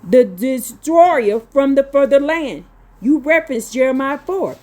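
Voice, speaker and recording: A woman reading religious notes slowly, then breaking into blunt, profane, scolding asides. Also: high-pitched, animated, dark tone. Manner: slow deliberate reading broken by scolding rants. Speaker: religious teacher.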